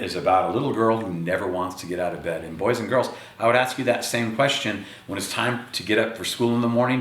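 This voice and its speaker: A man reading a picture book aloud to children, speaking to them directly in an animated way. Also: lowish voice. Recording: echoey room.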